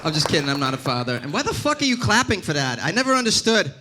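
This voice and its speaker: A man's voice: a little high, big pitch swings, quick pace, background noise. A man in his thirties doing a stand-up set on a comedy club stage, ranting sarcastically and talking back to the crowd. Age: 30s.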